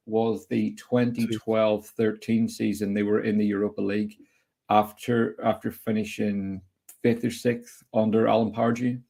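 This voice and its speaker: A young man with a low, gravelly voice hosts a casual football podcast. He sounds chatty and opinionated as he talks through the season ahead and puts quick questions to his guest. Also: a little mellow. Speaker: host.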